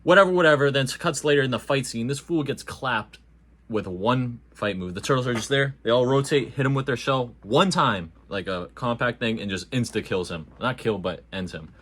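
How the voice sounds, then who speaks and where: A man giving a casual, animated and slangy movie review, joking along as he talks. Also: mid-range voice, normal speed.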